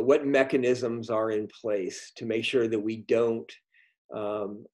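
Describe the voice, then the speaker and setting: A middle-aged man telling a story on a video call, halting, with many ums and restarts. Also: fairly low pitch, darkish tone. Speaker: guest speaker. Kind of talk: storytelling talk in a virtual meeting.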